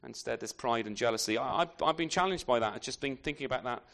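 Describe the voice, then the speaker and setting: A man's voice: mid-range voice, fast talker, gravelly, a bit bright. A man preaching an expository sermon in a conversational way, often turning his points into tag questions and adding self-deprecating asides.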